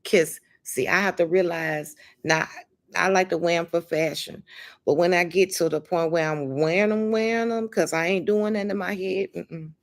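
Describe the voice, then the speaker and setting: A woman's voice: on the low side, moderate pace. A woman hosting a casual livestream, talking emphatically and calling her viewers honey and baby. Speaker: livestream host.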